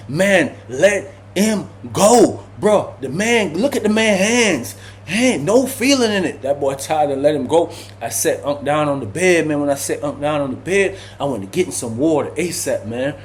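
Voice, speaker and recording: A young man spins a prison tale, slangy and animated, acting out every voice and sound effect. His voice sits high. A faint hiss runs under the recording. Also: moderate pace. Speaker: storyteller. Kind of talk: casual prison storytime.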